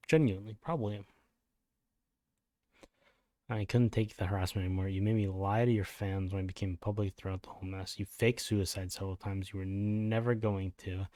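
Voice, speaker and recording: A man's voice: fairly low pitch, darkish tone, no echo. A man on a commentary channel reading a written statement aloud and breaking off for blunt, profane reactions. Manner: blunt, swears in his asides. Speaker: commentary YouTuber.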